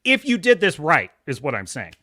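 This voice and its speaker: Male streamer, mocking review rant; bright, lively delivery that jumps around in pitch. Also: moderate pace. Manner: mocking, laughs often, acts out scenes. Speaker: live show host. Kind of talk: sarcastic film review rant.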